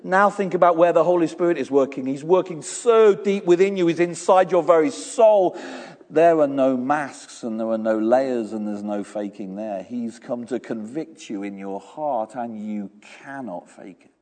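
A male pastor delivering a sermon in an animated, storytelling way, slipping into little acted exchanges. His voice sits at an ordinary pitch for a man. It rings out with a long reverb tail, as in a big church. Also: moderate pace.

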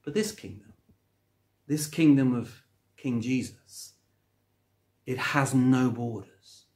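A man's voice: medium pitch, slow pace, a little mellow. A man preaching a sermon from home, emphatic and rising on key words, with conversational asides. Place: at home, recorded during lockdown.

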